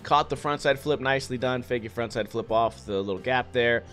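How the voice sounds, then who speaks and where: A man's voice: mid-range voice, a little fast, a bit bright, faint music behind. A man hosting a review show, giving casual, blunt and sarcastic critique with some swearing. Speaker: skate video reviewer host. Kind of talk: casual commentary.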